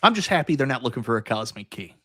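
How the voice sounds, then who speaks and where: Excitable middle-aged man, dry sound. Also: mid-range voice, quick pace, husky, no echo. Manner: excitable, animated fan talk with casual swearing. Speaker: podcast host. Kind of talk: casual chat.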